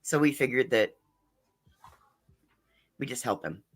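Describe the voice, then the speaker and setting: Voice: medium pitch, lively intonation, unhurried. A panelist on a live online panel, chatting playfully. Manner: playful, laughs often. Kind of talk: casual panel chat.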